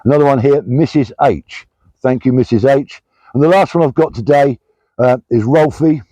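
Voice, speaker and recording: An older British army veteran chatting casually on his vlog while out walking, reading out supporters' names with plenty of pauses and restarts. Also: medium pitch, dark tone, no echo, lo-fi sound. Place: walking outdoors, pulled over at the roadside.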